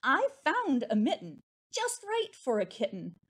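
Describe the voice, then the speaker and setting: A young woman leading a preschool storytime, her voice pitched fairly high and swooping widely up and down. She talks slowly and deliberately, in a sing-song, encouraging way meant for small children. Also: huge pitch swings, husky. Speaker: children's librarian.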